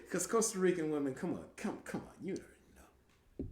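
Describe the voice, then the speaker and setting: A man hosting a podcast, telling stories in casual chat, slangy and profane, swinging from loud laughing outbursts down to low murmurs. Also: expressive, a little fast, reverberant. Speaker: podcast host.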